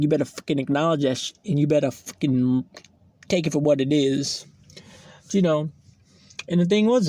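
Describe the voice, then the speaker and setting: A young podcast host tells a personal story in a rambling, profane monologue packed with fillers. His fairly high voice has vocal fry and a warm tone, with no echo.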